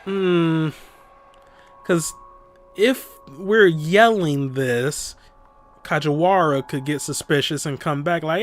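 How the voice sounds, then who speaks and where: A man's voice: on the high side, takes it slowly, pauses often. A man hosting a let's play, reading the game's text aloud and chatting in an amused, playful way. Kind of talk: casual game commentary and reading aloud.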